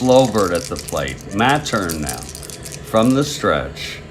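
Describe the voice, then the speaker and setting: Easygoing man calling slow play-by-play. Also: deep voice, a little hiss or hum. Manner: rambling and easygoing, bursting into excitement on big plays. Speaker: host calling a tabletop baseball replay. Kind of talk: casual play-by-play commentary with chatty asides.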